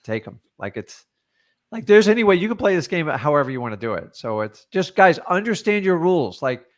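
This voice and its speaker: A man coaching on real estate in a casual, blunt and animated way, taking live questions and peppering his talk with "like" and "man". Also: on the high side, a little fast.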